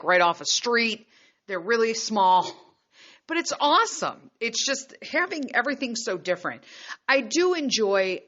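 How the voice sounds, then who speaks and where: A woman podcaster from the United States telling a travel story in a blunt, profane, animated way. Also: mid-range voice, highs cut off. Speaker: podcast host. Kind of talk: casual storytelling monologue.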